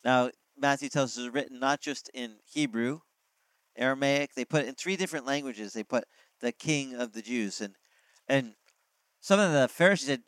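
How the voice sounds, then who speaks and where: A man's voice: medium pitch, moderate pace, a bit bright, dry recording, poor audio. A man preaching a sermon as pastor, explaining scripture in a conversational way, asking the congregation questions and acting out quoted lines.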